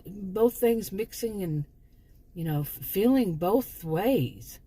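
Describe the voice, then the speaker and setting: Woman, mellow husky voice, casual rambling storytelling, restarts often. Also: fairly low pitch. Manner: chatty, rambling, with frequent restarts. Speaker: channel host, former sociology teacher.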